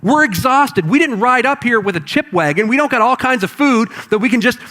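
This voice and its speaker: A man's voice: very high voice, lively intonation, fairly quick, bright, forceful tone, pitched above the performer's own voice, heavily acted. A man voicing exhausted, annoyed male disciples complaining in an exasperated, whining way. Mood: whiny exasperated.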